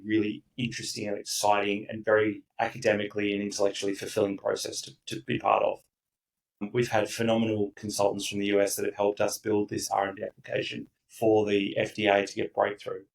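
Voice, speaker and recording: A man's voice: lowish voice, flat delivery, fairly quick, creaky, distant mic, rough recording. A man speaking as a company founder guest in a casual podcast interview, emphatic and enthusiastic, acting out the voices of the people he quotes.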